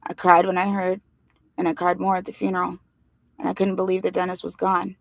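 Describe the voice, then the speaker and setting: Woman reading a book out loud, low gravelly voice, dry close sound. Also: brisk, no room sound. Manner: plain steady first-person narration. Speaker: reader. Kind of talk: reading a novel aloud.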